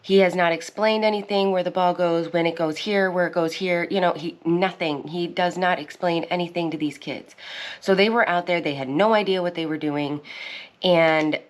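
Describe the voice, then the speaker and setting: Woman, 30s, low voice, casual vlog host, rambling storyteller. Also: fairly even intonation, moderate pace. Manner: rambling, chatty storytelling with restarts. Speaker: channel host. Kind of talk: casual chat.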